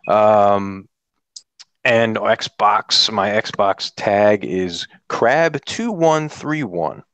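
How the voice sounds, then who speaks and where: Man, low smooth voice, very slow, hesitant, muffled lo-fi mic. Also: a bit bright, no echo. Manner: slow, hesitant, many ums. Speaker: podcast co-host. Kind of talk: casual podcast chat.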